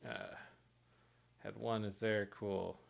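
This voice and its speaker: A man's voice: on the low side, very animated, takes it slowly, vocal fry. A man casually narrating his work on a live stream, thinking aloud and chuckling at his own mistakes. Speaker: streamer making pixel art for a game.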